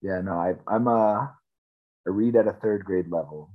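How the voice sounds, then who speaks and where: A man in his twenties chatting casually on a podcast, laid-back, with deadpan jokes and a lot of laughter. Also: deep voice, measured pace, narrow, tinny audio. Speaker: podcast co-host. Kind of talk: casual chat.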